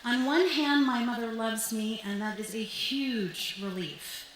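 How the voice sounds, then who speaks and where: A young woman tells a true story on stage with wry, upbeat comic timing. Her voice is bright and a touch high, and it rings out with a big echo in the club, with a faint hiss underneath. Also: unhurried.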